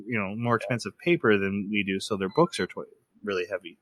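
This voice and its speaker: Talking fast in a fairly low voice, a man hosts a podcast with a clean, echo-free sound. He breezily runs through an episode, raising his voice to play out what the characters said.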